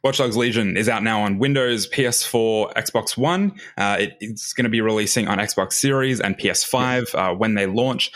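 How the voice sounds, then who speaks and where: A man with a fairly low voice hosts a game podcast, reading the closing lines in a plain, even way. He keeps his remarks short and matter-of-fact. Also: normal speed, few pauses. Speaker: podcast host. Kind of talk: casual chat and show outro.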